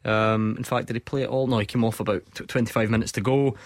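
A man's voice: on the low side, steady tone, fast talker, no room sound, clean studio sound. A man hosting a sports radio phone-in, chatty and jokey, often breaking into laughter.

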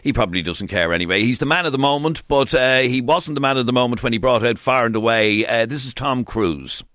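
A man's voice: medium pitch, lively intonation, fast talker, fairly bright tone, no room sound, studio quality. A man hosting a radio talk show, amused, often stammering and restarting. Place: radio studio. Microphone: studio microphone.

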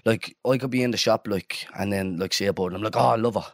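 A young man with an Irish accent, co-hosting a podcast in playful, animated banter and laughing often. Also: lowish voice, fast talker, no echo, clean studio sound. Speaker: podcast co-host. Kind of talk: casual banter.

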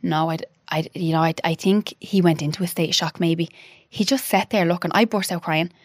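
A woman in her thirties, a podcast guest telling an emotional personal story. She talks haltingly, with restarts and quoted dialogue. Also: on the low side, fairly even intonation, no echo, clean studio sound.

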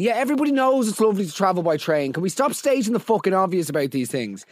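A man's voice: high-pitched, sing-song, fast talker, few pauses. An Irish man with a Dublin accent, hosting a comedy podcast and reading out listener stories. He rants with exasperated, sarcastic disbelief and swears freely. The sound is dry and close, with no room echo. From Ireland. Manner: exasperated, sarcastic, profane ranting. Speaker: podcast host.

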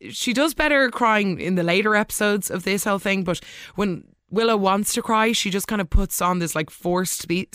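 A woman's voice: lowish voice, a bit bright, no room sound, studio quality. A woman hosting a casual episode recap in a chatty, gushing way, acting out the lines she quotes. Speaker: soap opera recap host.

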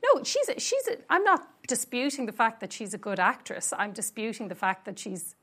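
A woman's voice: a little high, wildly swooping pitch, brisk, fairly bright tone. An Irish woman on a radio talk panel, skeptical and challenging. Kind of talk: radio talk show chat.

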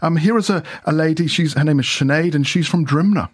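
A man's voice: on the high side, fairly quick, husky. A man, a radio reporter, chatting in a studio about accents.

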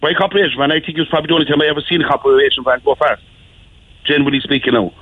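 A man's voice: a little high, steady tone, racing, slightly rough, no room sound. A man with a Cork accent, calling in to a radio show, chatting casually and rambling with lots of fillers. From Ireland. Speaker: caller. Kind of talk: casual chat. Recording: tinny phone line.

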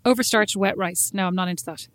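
A woman co-hosting a podcast in casual chat, an animated storyteller who jumps into sudden high-pitched exclamations. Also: quick pace, dry recording. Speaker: podcast co-host.

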